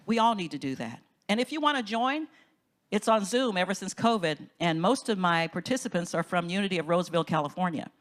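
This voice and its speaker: A woman minister giving an inspirational conference talk in a lively storytelling manner, often rising high with enthusiasm.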